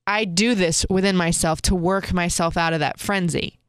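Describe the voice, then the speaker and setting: A woman is telling viewers a personal story, open and expressive as she goes. Her voice is smooth and clear. The recording is dry and close. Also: lowish voice, normal speed, dry recording. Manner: candid and expressive, talks straight to viewers. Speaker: vlogger.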